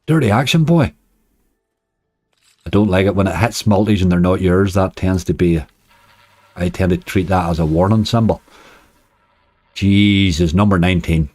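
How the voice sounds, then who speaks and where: A man's voice: low voice, normal speed, long pauses, darkish tone, dry recording. A man with a Northern Irish accent giving chatty live-stream commentary on casino games, talking to his chat and groaning at near misses. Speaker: slots streamer.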